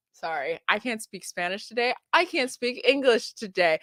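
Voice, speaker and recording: A woman's voice: medium pitch, expressive, measured pace, fairly bright tone. A chatty young woman reacting to a video on stream for her viewers. She giggles easily and fills her talk with "like". Her voice is close and dry, with no room echo. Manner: giggly, chatty, full of filler "like".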